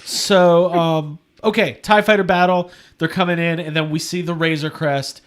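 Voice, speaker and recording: A man hosting a casual chat, recapping in a rambling, animated way with frequent laughs. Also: fairly high pitch, moderate pace, smooth.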